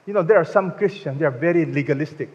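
Male pastor, fairly high voice, emphatic sermon delivery, dull recording in a reverberant hall. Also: fast, a little mellow. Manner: emphatic, asks the congregation to repeat lines.

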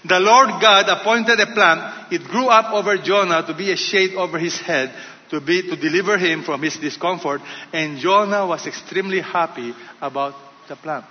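A man preaching a sermon in short, emphatic phrases, rising loud and falling quiet. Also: high voice, normal speed. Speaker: pastor. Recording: dull sound with long hall reverb.

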